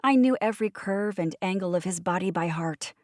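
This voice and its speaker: A woman giving a wry, brisk first-person audiobook narration. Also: fairly low pitch, a little mellow, no echo, studio quality.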